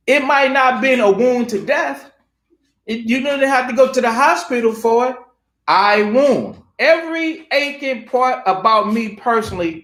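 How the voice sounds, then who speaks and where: A man with a high voice preaches through a Bible passage, pressing his points with rhetorical questions and repeated phrases. The sound rings in a roomy, echoey space. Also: moderate pace, fairly bright tone. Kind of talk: preaching scripture study. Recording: roomy echo.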